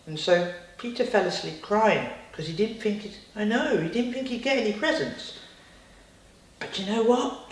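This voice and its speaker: A woman telling a bedtime story to a child, with chatty, lively asides. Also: medium pitch. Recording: roomy, distant.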